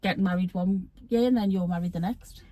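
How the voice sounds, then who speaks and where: A woman's voice: on the low side, brisk, warm tone, dry recording. A woman in her fifties with a Geordie accent, chatting casually and teasing her daughter in a blunt, jokey way. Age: 50s. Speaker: guest, host's mother. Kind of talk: casual chat.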